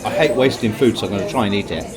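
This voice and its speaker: Speaking very fast in a voice on the low side, a travel vlogger casually narrates while tasting food at a bustling outdoor market. He brings dry, understated humour, and a loud crowd and music can be heard in the background.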